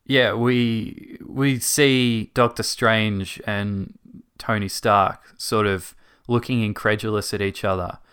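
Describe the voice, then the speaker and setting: A man in a casual movie discussion, explaining scenes in a measured, thoughtful way. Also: lowish voice, steady tone, fairly bright tone, clean tone.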